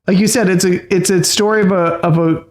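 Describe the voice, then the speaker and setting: A man's voice: sits high, fairly even intonation, fairly quick, echoey room. A man co-hosting a casual review podcast, easygoing and agreeable with self-deprecating humor. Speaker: podcast co-host.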